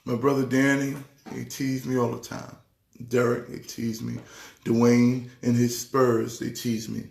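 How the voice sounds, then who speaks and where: A man who is a pastor, talking sports casually in an excitable way, repeating words with a preacher's rhythm. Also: mid-range voice, a little slow, vocal fry, echoey room. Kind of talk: casual sports talk show.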